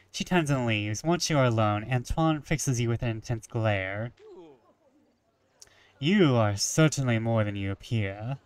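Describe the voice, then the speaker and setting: A man reads a story game aloud and breaks off into wry, joking asides. His voice is smooth and clear. The sound is close and dry. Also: mid-range voice, no room sound. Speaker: gamer.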